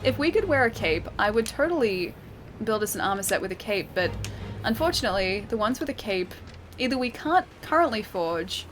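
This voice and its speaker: Young Australian woman, casual stream talk, mid pitch, light laughs, faint music underneath. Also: big pitch swings, fairly quick. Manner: chatty, laughs often, reads chat aloud. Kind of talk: casual gaming livestream chat.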